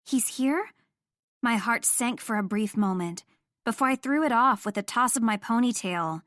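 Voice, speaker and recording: A woman's voice: on the high side, normal speed, a bit bright, dry recording, clean studio sound. Young woman narrating a romance audiobook. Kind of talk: first-person romance narration.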